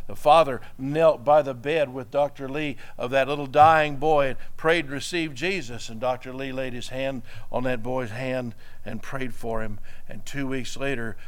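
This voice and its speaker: Preacher with a smooth voice. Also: male voice, mid-range voice, steady tone, normal speed, few pauses. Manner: storytelling, building to emphatic exhortation. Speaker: pastor. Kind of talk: sermon.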